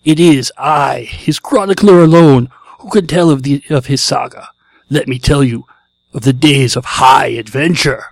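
A man doing an impression of a solemn male chronicler narrating an epic fantasy saga, slow and grand. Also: medium pitch, gravelly, no room sound. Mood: grandiose.

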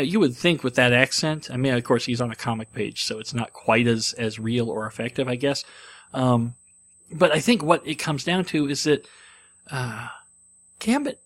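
A young man rambles through a casual monologue, wry and self-mocking, with plenty of ums and false starts. His voice sits at an ordinary middle pitch for a man. He is talking alone and keeps circling back on his own thoughts. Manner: self-deprecating, wry, rambling with many fillers. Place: in a car.

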